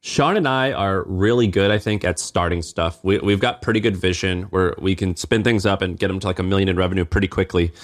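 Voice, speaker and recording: A man co-hosting a podcast in casual business chat, animated and cussing, his voice jumping up when he tells a story. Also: low-pitched, brisk, hardly any pauses. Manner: animated, swears freely, voice jumps up when telling stories. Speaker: podcast co-host.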